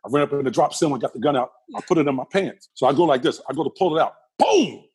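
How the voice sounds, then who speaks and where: A man being interviewed, telling a personal story with lively energy and acting out the other people's lines. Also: fairly high pitch, very fast, husky. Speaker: interview guest.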